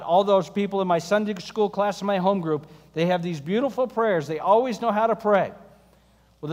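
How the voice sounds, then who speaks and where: A man preaching a sermon as pastor, conversational and animated, mixing scripture reading with sarcasm and humor. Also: a little high, long reverb tail.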